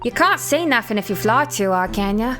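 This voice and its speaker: A woman's voice: on the high side, animated, fairly quick, music in the background, natural voice. A woman voicing a chirpy, cocky female police inspector who talks brash and slangy.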